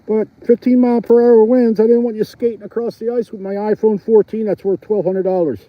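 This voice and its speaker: A man's voice: high voice, steady tone, a little fast, no echo. A middle-aged man with a Philadelphia accent, chatting casually to viewers of his livestream while ice fishing outdoors, laughing often, recorded on a phone strapped to his chest. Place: outdoors on a frozen lake, windy. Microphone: phone mounted on his chest. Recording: dull, slightly lo-fi phone audio.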